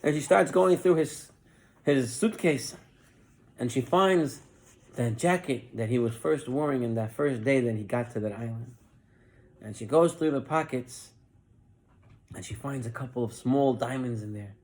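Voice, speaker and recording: A man's voice: medium pitch, a little slow, pauses often. A man, a rabbi, giving a Torah class, telling a parable. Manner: animated parable-telling with lively voiced quotes.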